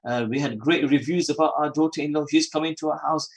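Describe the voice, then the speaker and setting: A man's voice: on the high side, steady tone, fast, slightly rough. A man voicing a gossiping middle-aged mother-in-law who chats with friends and mixes in Urdu words. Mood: gossipy. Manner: chatty and exaggerated, mixing in Urdu words.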